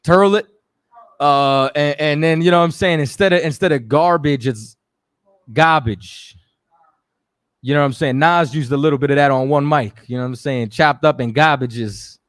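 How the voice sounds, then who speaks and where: A man's voice: on the high side, fairly even intonation, quick pace, few pauses, clear, resonant tone, no room sound, clean studio sound. Easygoing New man hosting a show. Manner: loose and conversational, shouting out viewers. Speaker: radio show host. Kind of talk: casual live-stream talk.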